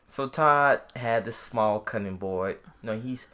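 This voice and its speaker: A man's voice: medium pitch, slow, bright, forceful tone. A man co-hosting a casual podcast, telling a long story with slang and many restarts. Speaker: podcast co-host.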